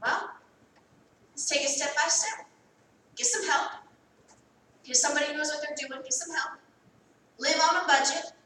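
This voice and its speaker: An American woman pastor preaching a sermon. She repeats phrases and swings from quiet asides to loud calls. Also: high-pitched, moderate pace, long pauses, recorded from a distance, slight background noise. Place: church sanctuary. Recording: roomy echo, voice from off the mic.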